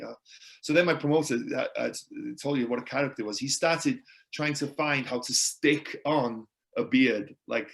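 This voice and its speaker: A man's voice: mid-range voice, moderate pace, vocal fry, a bit bright. A Welsh man in his thirties, a podcast guest, chatting casually and acting out the dialogue in his stories. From Wales. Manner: chatty, acts out quoted dialogue. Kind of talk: casual interview storytelling.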